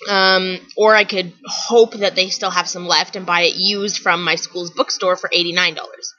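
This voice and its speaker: A woman's voice: fairly low pitch, fairly even intonation, normal speed, pushed and bright, no echo, dull audio. A young woman telling funny stories to camera in a chatty vlog, with lots of fillers and restarts. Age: young adult. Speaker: vlogger. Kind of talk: casual storytelling to camera.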